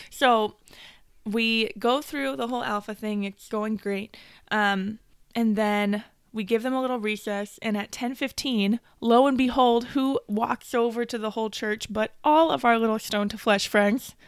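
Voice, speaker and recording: A woman's voice: a little high, fairly even intonation, a little slow, clear, resonant tone, no room sound, studio quality. A young woman co-hosting a podcast, telling a story in casual chat, acting out quotes and laughing often. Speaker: podcast co-host.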